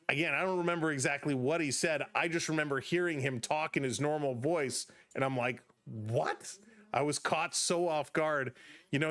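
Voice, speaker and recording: A middle-aged man from Canada hosting a live stream, giving play-by-play and chatting with viewers between pitches. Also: fairly bright tone, no room sound. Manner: chatty, reads viewer comments aloud between calls. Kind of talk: live play-by-play with chat reactions.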